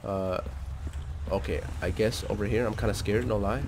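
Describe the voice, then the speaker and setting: A man hosting a gaming channel, giving let's-play commentary in an excitable, slangy way and jumping into loud outbursts. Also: lowish voice, normal speed, noisy background.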